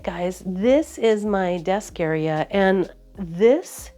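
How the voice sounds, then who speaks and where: A woman's voice: medium pitch, expressive, drawn-out words, mellow, soft background music. A woman giving a casual, rambling desk tour, a little out of breath, talking with lots of fillers and restarts. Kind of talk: casual chat.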